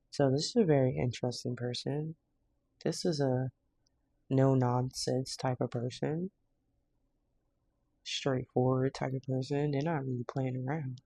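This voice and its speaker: Mellow, blunt, slangy tarot reader. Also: medium pitch, steady tone, unhurried, long pauses, no room sound. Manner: laughs often. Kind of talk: casual tarot reading.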